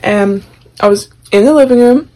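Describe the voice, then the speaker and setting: A young woman co-hosting a podcast, telling a story in casual chat, animated and profane, often laughing. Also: a little high, moderate pace, rough recording. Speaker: podcast co-host.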